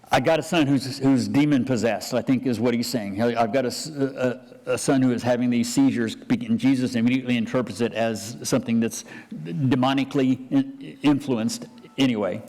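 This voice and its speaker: A man's voice: medium pitch, a little mellow. A man, a pastor, preaching a conversational sermon with frequent restarts and asides. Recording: church hall reverb.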